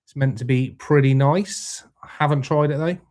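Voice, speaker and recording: A young male livestream host with a mid-range, slightly mellow voice talks at a moderate pace. In his casual live chat, he reads messages, greets viewers by name, and curses freely in a laid-back way.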